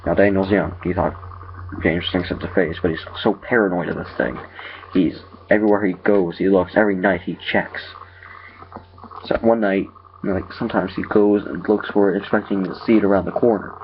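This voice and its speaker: A man retelling a horror story from memory in a halting way, often stopping to correct himself. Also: low voice, steady tone, slight background noise. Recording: lo-fi dull recording.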